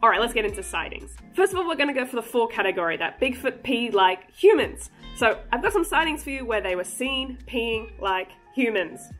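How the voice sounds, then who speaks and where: Woman vlogger, kinda high voice, jokey and chatty, lil music in the back. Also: big pitch swings, brisk, hardly any pauses, fairly bright tone. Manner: chatty, joking, giggly asides. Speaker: cryptid channel host. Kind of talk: casual explainer vlog.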